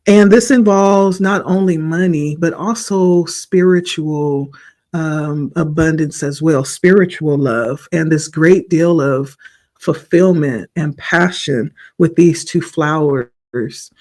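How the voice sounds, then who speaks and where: A man with a somewhat high voice gives a spiritual tarot reading, his throat a little rough with morning hoarseness. He speaks very slowly, pausing often, with a reflective and encouraging manner. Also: darkish tone. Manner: slow, reflective, encouraging delivery. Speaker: tarot reader.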